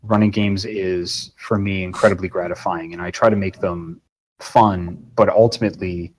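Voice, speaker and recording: A man with a somewhat low voice gives a rambling, casual interview as a guest. He swears freely in a loose, easygoing way. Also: fairly even intonation, normal speed, a little mellow, poor audio. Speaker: guest voice actor and game master.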